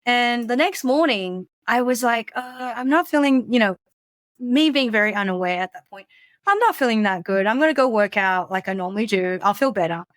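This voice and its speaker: A woman in her forties tells her own story in casual conversation, her voice sitting a little high. She speaks candidly and haltingly, with many fillers and restarts. The sound is close and dry. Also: expressive, fairly bright tone, dry recording. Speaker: podcast guest.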